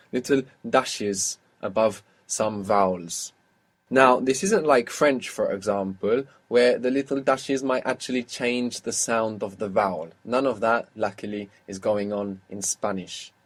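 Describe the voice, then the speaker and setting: A man teaching an audio language lesson, patiently asking questions and repeating words slowly. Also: medium pitch.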